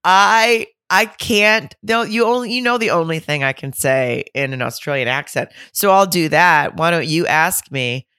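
Bright-voiced chatty woman. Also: deep voice, moderate pace, hardly any pauses, clear, resonant tone, no echo, clean studio sound. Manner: chatty, animated and laughing. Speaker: podcast co-host. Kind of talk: casual chat.

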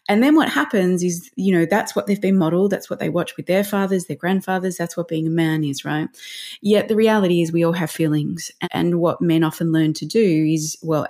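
A woman's voice: lowish voice, a little mellow. A middle-aged woman, a parenting counsellor, explaining emotional intelligence in an earnest, emphatic interview style. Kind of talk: conversational interview.

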